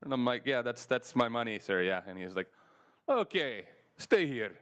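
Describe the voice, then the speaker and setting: A man spins a rambling anecdote on his podcast, swearing freely and laughing along. His voice sits at an ordinary middle pitch. He talks in a loose, casual way. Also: fast talker, clean tone. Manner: animated, profane anecdote with laughter. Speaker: podcast host. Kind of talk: casual storytelling.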